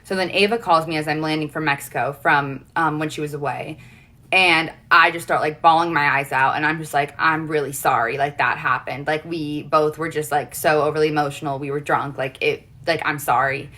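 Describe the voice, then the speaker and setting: Young woman, livestream guest; low pitch, bright edge, rambling casual storytelling. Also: steady tone, a little fast. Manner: rambling storytelling, heavy "like" fillers.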